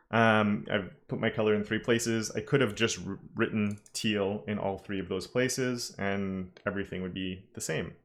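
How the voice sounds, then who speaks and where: A man's voice: lowish voice, fairly bright tone. A man teaching a live-streamed coding lesson, talking casually and thinking aloud with frequent self-corrections. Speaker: web development instructor.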